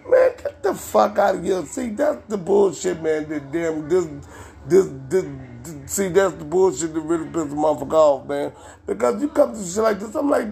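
A man hosting a podcast, delivering a heated, profane rant and at times shouting. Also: sits high, animated, brisk, creaky. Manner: ranting, heated, swearing constantly, sometimes shouting. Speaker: podcast host.

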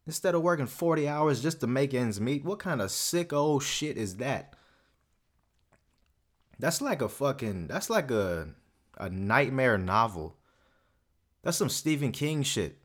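A man's voice: medium pitch, sing-song, a little slow, pauses often. A young man hosting a solo podcast, ranting casually in a profane, swaggering, rambling way. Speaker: podcast host.

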